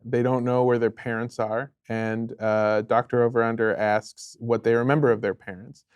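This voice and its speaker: A man's voice: mid-range voice, flat delivery, clear, resonant tone, highs cut off. Man narrating a tabletop game as game master. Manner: descriptive, unhurried, many filler pauses.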